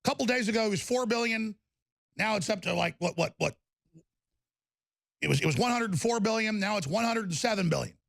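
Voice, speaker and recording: A middle-aged man hosting a live talk radio show, ranting angrily and repeating himself, mixed with product pitches. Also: expressive, fast, gravelly, fairly bright tone, no echo. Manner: angry, aggressive, repetitive ranting.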